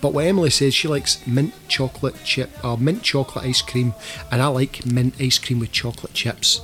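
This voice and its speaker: A man's voice: mid-range voice, moderate pace, a bit bright. Man, podcast host, jokey profane banter, faint music underneath. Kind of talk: casual comedic podcast chat.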